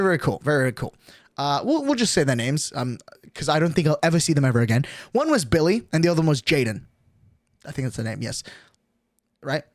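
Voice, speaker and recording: A man's voice: on the high side, no room sound, studio quality. A young man, casually telling a rambling story to his stream chat and tagging lines with "right?". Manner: animated, rambling, with frequent "right?".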